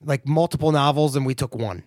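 A man's voice: mid-range voice, brisk, darkish tone, no room sound, clean studio sound. A man co-hosting a podcast, chatting casually about movies with enthusiasm and frequent restarts. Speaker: podcast co-host.

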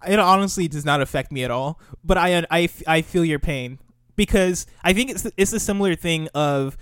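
A young man of Nigerian family co-hosting a podcast in casual chat, easygoing, laughing often and trailing off into soft asides. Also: on the high side, normal speed, clean tone, no echo, clean studio sound. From Nigerian family, raised in the US. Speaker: podcast co-host.

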